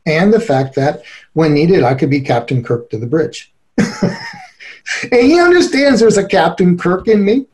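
A middle-aged man giving an earnest, animated interview as a relationship expert, often breaking into laughter. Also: high voice, moderate pace. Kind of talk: conversational interview.

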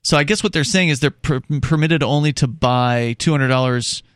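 This podcast co-host, a man with a mid-range, clean-toned voice at normal speed, chats casually on a talk show. He explains step by step and reads news passages aloud with small restarts. The recording is studio quality without echo.

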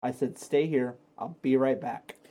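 A man telling a story on a casual home podcast, swearing constantly and getting animated as he goes. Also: medium pitch, measured pace. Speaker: streamer's partner. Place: home stream office.

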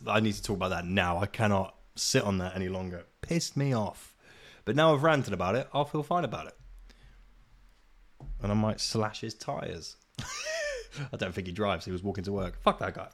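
A man's voice: on the low side, fairly bright tone. A man hosting a solo podcast, ranting in a casual, exasperated way with plenty of swearing and self-deprecating laughs. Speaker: podcast host.

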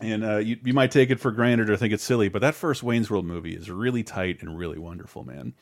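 A man's voice: lowish voice, fast talker, no echo, studio quality. A man in his thirties co-hosting a podcast in casual chat, rambling and swearing with many restarts. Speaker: podcast co-host.

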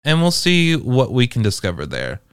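A man's voice: medium pitch, huge pitch swings, moderate pace, smooth, dry recording, studio quality. A man giving casual, wry and profane commentary as he explores social game worlds.

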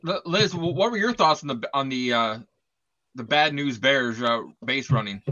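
A man's voice: medium pitch, animated, normal speed, bright, forceful tone, dull audio. A man co-hosting a casual sports podcast, explaining the game and putting questions to his co-hosts. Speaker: podcast co-host.

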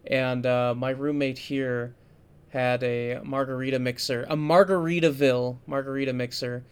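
A man's voice: medium pitch, steady tone, normal speed, clean tone. A man co-hosting a podcast, chatting casually and telling amused anecdotes. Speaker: podcast co-host. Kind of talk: casual chat.

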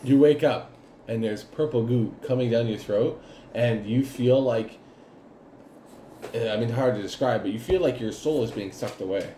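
A man's voice: medium pitch, normal speed, dark tone. A man narrating as the game master of a tabletop game, loose and rambling, laughing often. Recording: roomy echo, faint background noise.

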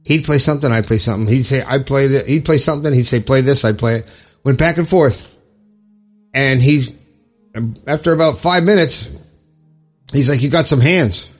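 A middle-aged man from Florida hosting a podcast, telling a personal story in a heartfelt, halting way with pauses and restarts. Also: mid-range voice, faint music behind. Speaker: podcast host.

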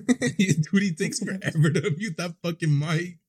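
A man's voice: sits high, unhurried, husky. A man co-hosting a podcast in casual chat, laid-back, swearing and laughing often. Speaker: podcast co-host.

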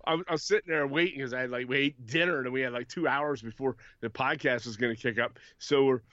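A man's voice: medium pitch, quick pace, bright, forceful tone, dry recording. Man, podcast co-host, rambling talk, dry dull sound. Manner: rambling storyteller, laughs often. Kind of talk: casual podcast banter.

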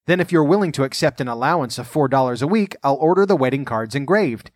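A man's voice: medium pitch, animated, quick pace, dry recording, clean studio sound, lightly acted. A man voicing a haughty, vain young lady who speaks in a cool, dismissive way. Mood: coy.

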